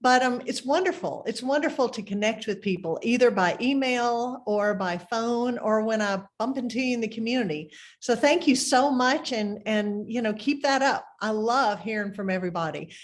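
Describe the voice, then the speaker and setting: A woman with a Southern Mississippi accent hosts a community program in an effusive, chatty way. Her voice sits a little high for a woman. She keeps stacking up thank-yous and asides. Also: moderate pace, hardly any pauses. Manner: chatty, effusive, uses "y'all". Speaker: program host. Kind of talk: friendly community program introduction.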